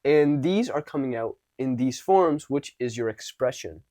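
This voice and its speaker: A man's voice: mid-range voice, animated, unhurried, warm tone, dry recording. Man coaching, dry close sound. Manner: demonstrates tones of voice, shifting between unsure and commanding. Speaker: social skills coach. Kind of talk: casual teaching to camera.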